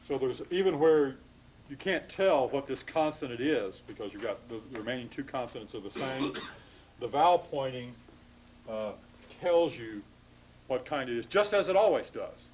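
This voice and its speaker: A man lecturing a class on grammar, halting and full of fillers, stopping to correct himself. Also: medium pitch, a little mellow, a little hiss or hum, rough recording.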